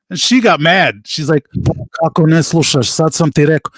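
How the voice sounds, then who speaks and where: A middle-aged band musician, a guest, telling animated stories in a casual interview, quoting people as he goes. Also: on the high side, unhurried, no room sound, studio quality. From United States. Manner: animated anecdotes with laughs and quoted voices.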